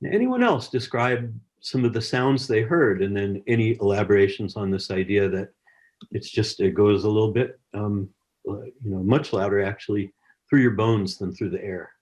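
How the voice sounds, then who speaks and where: A man's voice: on the low side, moderate pace, darkish tone. Male science educator, online workshop host; encouraging, chatty, video-call sound. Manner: encouraging, chatty, reads chat messages aloud. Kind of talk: friendly teaching over a video call.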